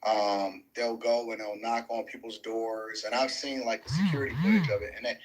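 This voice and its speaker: Steady man giving opinionated commentary. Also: lowish voice, normal speed, rough recording. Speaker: show host.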